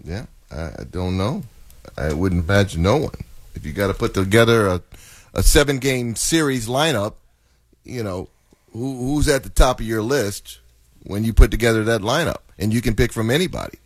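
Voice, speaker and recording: A man's voice: on the low side, moderate pace, dry recording. A man co-hosting a sports talk radio show, teasing his partner and arguing points with animation.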